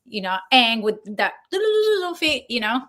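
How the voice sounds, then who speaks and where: A woman Foley artist telling stories as an interview guest, animated and laughing, acting out the voices of the people she quotes. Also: fairly high pitch, moderate pace. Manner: animated, acts out quoted dialogue, laughs often. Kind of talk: casual interview storytelling.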